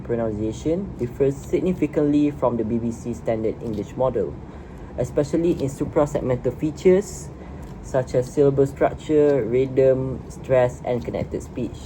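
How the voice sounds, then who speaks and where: A woman's voice: rumbling low, moderate pace. Woman student reading her project slides, aircon hum and noise behind her. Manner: reads prepared notes, repeats words at times. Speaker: student presenter. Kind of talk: class project presentation.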